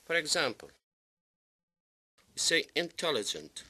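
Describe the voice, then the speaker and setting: A man who speaks Kurdish natively, teaching English grammar by slowly repeating and drilling word forms. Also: fairly high pitch, sing-song, pushed and bright. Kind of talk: language lesson.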